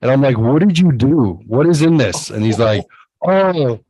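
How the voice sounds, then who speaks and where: A man's voice: mid-range voice, moderate pace, breathy edge, low-quality recording. A man in his forties telling a party story in casual chat, acting out quotes in a raised voice. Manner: animated, acts out quotes in a raised voice. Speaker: podcast co-host.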